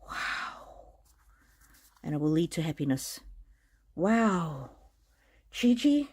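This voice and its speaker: Gentle woman giving a live card reading. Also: sits low, big pitch swings, drawn-out words, breathy edge. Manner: gentle, reassuring, with frequent restarts. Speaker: oracle card reader. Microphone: streaming mic.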